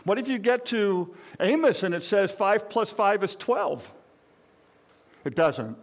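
Older male pastor, high voice, rambling folksy sermon style. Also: expressive, slow pace. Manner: conversational, rambling with frequent restarts and asides.

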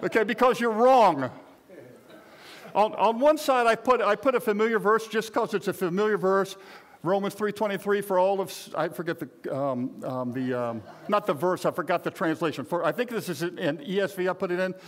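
A man's voice: high-pitched, moderate pace. A man in his sixties preaching a conversational sermon to a live congregation, folksy and joking, often talking straight to the people in front of him. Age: 60s. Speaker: pastor.

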